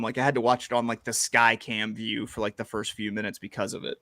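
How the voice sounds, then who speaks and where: Man, casual sports chat, crude jokes, bright tone, dry close mic. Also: medium pitch, fairly quick, few pauses, no room sound. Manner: joking, crude, animated storytelling. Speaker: podcast co-host.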